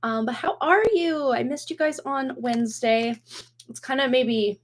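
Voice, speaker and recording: A woman in her forties, a tarot reader hosting a livestream from home, chatting casually, rambling with many fillers and frequent laughs, her voice slightly hoarse from a cold. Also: high voice, a little slow. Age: 40s. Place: home room with dog toys and boxes behind. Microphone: computer webcam.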